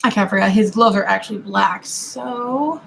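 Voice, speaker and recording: A woman's voice: medium pitch, normal speed, gravelly, slight background noise, rough recording. A woman streaming while she draws, talking in a casual, rambling way with apologetic, self-deprecating asides that often trail off into murmurs. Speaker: digital artist streaming her drawing. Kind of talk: casual commentary while drawing.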